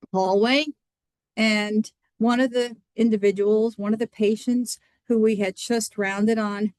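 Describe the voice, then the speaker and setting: A woman physician giving an earnest, measured lecture over a video call, with some restarts. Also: mid-range voice, darkish tone, no echo.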